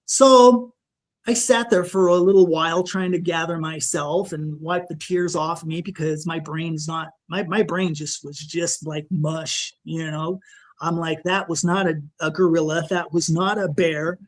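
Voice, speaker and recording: Shaken man telling his story haltingly. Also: on the high side, fairly even intonation. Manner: halting, with frequent restarts and "you know"; shaken, emotional retelling. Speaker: podcast guest. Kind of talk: recounting a personal encounter.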